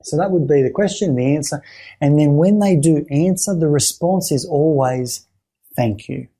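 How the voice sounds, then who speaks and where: A man explaining a therapy exercise to fellow clinicians, halting often to repeat words and restart his sentences. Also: a little high, mellow, husky. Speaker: therapy trainer.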